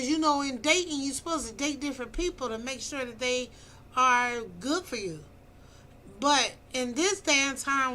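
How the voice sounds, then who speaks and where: A woman in her fifties lectures bluntly and preachily, her voice high and bright with a sharp edge. She talks into a phone in a room at home, and a faint hiss of ambient noise sits under her voice. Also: low-quality recording. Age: 50s. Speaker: vlogger giving dating advice. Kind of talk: casual opinionated monologue.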